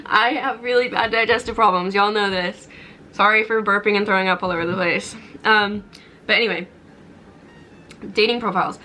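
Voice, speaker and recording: A young woman in her twenties talks to her camera at home in a chatty, rambling way, full of fillers and self-deprecating asides. Her voice is bright and clear. A faint hum of household sounds sits behind her. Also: medium pitch, fairly even intonation, moderate pace, low-quality recording. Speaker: vlogger. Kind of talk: casual vlog chat to camera. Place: home kitchen and bedroom.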